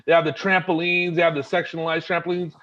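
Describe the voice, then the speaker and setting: A man's voice: a little high, level tone, fast talker, a bit bright, muffled recording. A man co-hosting a podcast in casual chat, eagerly listing examples. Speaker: podcast co-host.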